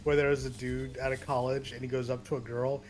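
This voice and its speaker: A man's voice: medium pitch, level tone, a little fast. A young American man in casual gaming banter, telling easygoing stories in a dry manner. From United States. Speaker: let's play co-host.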